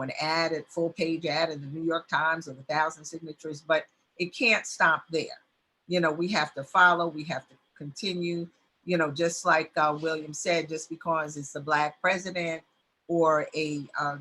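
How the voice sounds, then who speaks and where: Female community news host, bright and slightly husky, conversational with lots of fillers. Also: low-pitched.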